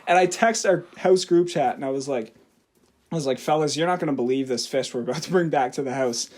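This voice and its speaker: A young adult man, a podcast co-host telling a story in a casual, animated way, often laughing and swearing as he talks. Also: medium pitch, brisk.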